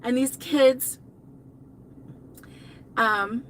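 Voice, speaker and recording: A woman's voice: on the high side, steady tone, very slow, a little hiss or hum. An older woman chatting casually from inside her car on a live stream, rambling, laughing often and reading out viewer comments. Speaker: crochet channel host.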